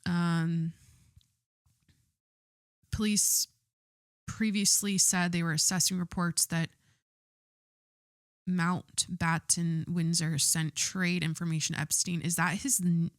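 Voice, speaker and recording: A woman hosting a podcast, her voice sitting a little low for a woman. She reads news aloud and reacts bluntly and with swearing, tripping over words and correcting herself as she goes. The sound is dry and close to the mic. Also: fairly even intonation, takes it slowly, long pauses, no echo. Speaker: podcast host. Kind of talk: casual chat reading and reacting to news.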